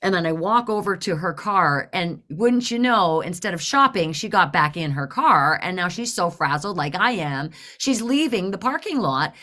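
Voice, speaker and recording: A woman in her forties tells a story in a bright, forceful voice. She is animated, swears freely and acts out each person in the tale. This is a relaxed, conversational podcast chat. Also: on the low side, moderate pace, few pauses. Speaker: podcast co-host.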